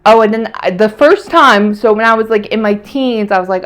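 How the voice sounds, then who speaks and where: A woman's voice: mid-range voice, normal speed. A young woman chatting casually in a weekly vlog, rambling and emotional, with many fillers. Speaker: vlogger. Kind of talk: casual weekly catch-up chat.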